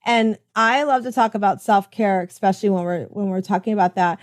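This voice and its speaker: A middle-aged woman hosting an interview, effusive and quick to laugh as she chats about family. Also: medium pitch. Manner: enthusiastic, effusive, laughs often. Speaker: host. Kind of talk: casual interview chat.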